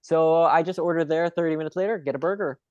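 Higher-voiced man hosting, dull dry sound. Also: quick pace, a little mellow, clean tone, no echo. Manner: chatty, rambling with asides. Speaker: podcast host. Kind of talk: casual chat.

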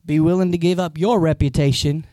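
A man's voice: a little high, a little fast, no room sound, studio quality. A man preaching a sermon as a pastor, talking conversationally and putting questions straight to the congregation. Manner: animated storytelling.

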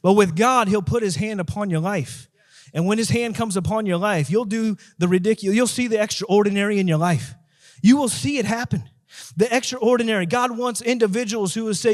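A man's voice: high voice, fast. A man, an evangelist, telling a street-ministry story as a guest, talking in an emphatic, repetitive, preaching way. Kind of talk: testimony told in an interview.

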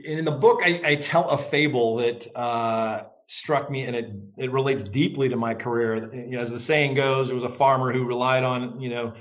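A middle-aged man answering questions as an interview guest. He talks in a reflective, measured way and lets his stories unfold step by step. His voice sits in an ordinary middle register. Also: medium pitch. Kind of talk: interview conversation.

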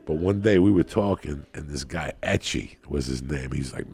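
A man guesting as a comedian on a podcast, telling rambling, profane stories in an animated way. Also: a bass voice, moderate pace, few pauses. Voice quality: gravelly. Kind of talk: comic storytelling on a podcast.

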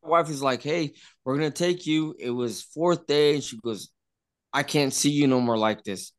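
A man's voice: fairly high pitch, normal speed. Rambling man telling a story. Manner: rambling, repeats himself, acts out quotes. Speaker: party guest. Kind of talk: casual storytelling. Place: indoor party room.

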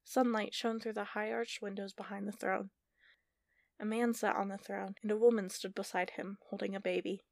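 A woman narrating a fantasy story in a steady, measured audiobook style. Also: medium pitch, creaky, dry recording, studio quality.

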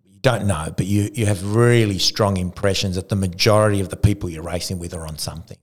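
A retired Argentine cyclist, appearing as a podcast guest, tells a casual story in a low, quick-paced male voice. He's an animated storyteller who acts out quotes and frequently restarts his sentences.

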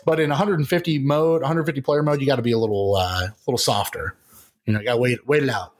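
A man co-hosting a podcast in casual chat, relaxed and loose, swearing and trailing off with fillers. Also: medium pitch, quick pace. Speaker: podcast co-host.

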